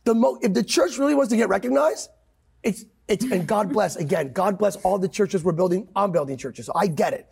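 Brief: male pastor guest, high gravelly voice, emphatic preaching cadence. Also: brisk, darkish tone. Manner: emphatic, quotes scripture, swings pitch widely. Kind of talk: impassioned preaching in conversation.

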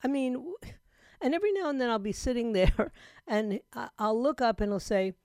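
A middle-aged woman hosting a talk radio show, talking in an emphatic, conversational way that swings between loud and hushed. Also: a little high, lively intonation, fairly quick, no room sound, studio quality. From South Florida. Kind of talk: opinionated talk radio monologue. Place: radio studio. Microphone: studio microphone.

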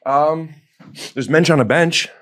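A man from Ohio joining a casual podcast chat with deadpan jokes. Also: on the high side, measured pace. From Cleveland, Ohio. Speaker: podcast guest.

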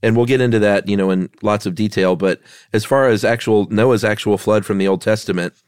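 Male podcast co-host, lower voice, stuffy with a cold, laid-back, dry mic. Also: fairly even intonation, brisk, clear, resonant tone, dry recording. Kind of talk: casual chat.

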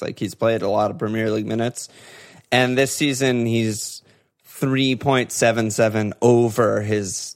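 Laughing, animated man chatting casually. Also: lowish voice. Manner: laughs often, animated retelling, swears. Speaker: podcast co-host. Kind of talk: casual fantasy football chat.

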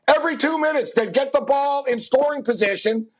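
A man's voice: very high-pitched, fairly quick, poor audio. A man hosting a sports betting talk show, telling stories animatedly and acting out the dialogue with laughs. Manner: animated storyteller who acts out dialogue, laughing often. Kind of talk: casual chat.

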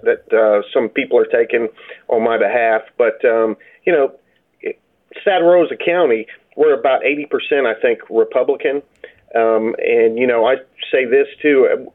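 A man, a county sheriff, answering interview questions in a steady, plainspoken way. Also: medium pitch. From Florida. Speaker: sheriff, guest. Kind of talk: phone-in interview. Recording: tinny phone line.

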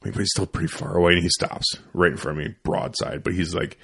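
A man's voice: low-pitched, fast, gravelly, fairly bright tone, breathy edge. A young man hosting a podcast, telling a loose, profane, rambling story in a casual studio chat. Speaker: podcast host.

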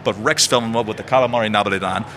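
A middle-aged man chatting as a podcast guest, an emphatic and animated storyteller who piles up his points. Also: fairly low pitch, racing. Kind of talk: casual chat.

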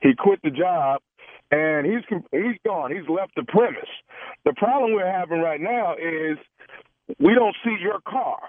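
A man on a prank phone call, posing as a valet manager, stammering and trying to calm the other person down. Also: high voice, unhurried, no echo. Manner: stammering, placating, keeps saying hold on. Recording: tinny phone line.

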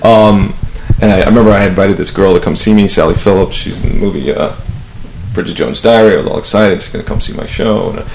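A man hosting a podcast, telling stories with loose, animated energy and acting out the voices of the people in them. His voice has a gravelly edge, and the room gives it a roomy ring with a faint hiss behind it. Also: sits low, quick pace. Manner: animated storyteller, swearing, acting out quotes. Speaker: podcast host. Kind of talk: casual storytelling interview. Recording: echoey room with faint noise.

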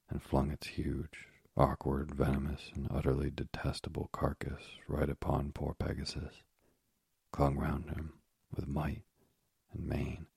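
Narrator, male: very deep, raspy and monotone, dry booth sound, measured storybook reading. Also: no echo.

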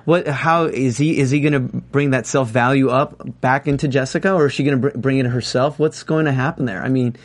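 A man's voice: medium pitch, steady tone, brisk, few pauses. A man hosting a casual panel chat about a TV series, enthusiastic and a bit rambling. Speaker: host.

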